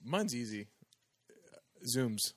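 A man's voice: medium pitch, sing-song, extremely slow, background noise. A man co-hosting a casual movie podcast, steering the segments in a dry, offhand way. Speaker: podcast co-host. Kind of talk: casual chat.

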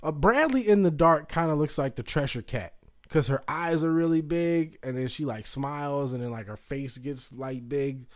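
A man in his thirties hosting a podcast, spinning a loose, profane story full of fillers and asides. His voice sits a little higher than most men's, and he slips into other people's voices as he goes. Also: moderate pace. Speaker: podcast host. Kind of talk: casual storytelling.

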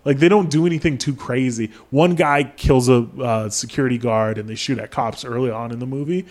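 A man's voice: mid-range voice, brisk, a little mellow. Young man ranting casually on a podcast. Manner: casual, profane, lots of "like" fillers. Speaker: podcast host. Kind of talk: casual chat.

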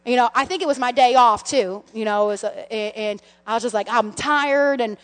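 A middle-aged woman pastor telling personal stories in a sermon, animated and full of restarts, calling her listeners friends. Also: a little high, fast. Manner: animated storytelling, many restarts, addresses the congregation as friends. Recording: long hall reverb.

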